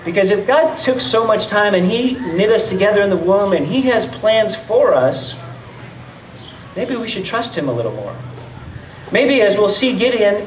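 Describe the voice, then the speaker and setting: A man's voice: high voice, a little hiss or hum. A man preaching a sermon as pastor in a conversational way, often acting out the voices of doubters. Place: church hall. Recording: roomy echo, mic at a distance.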